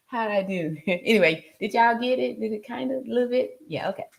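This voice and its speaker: A woman's voice: fairly high pitch, normal speed, gravelly. A woman in her forties hosting a casual livestream, chatting loosely with many fillers and frequent laughs. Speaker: livestream host. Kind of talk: casual livestream chat reading viewer comments.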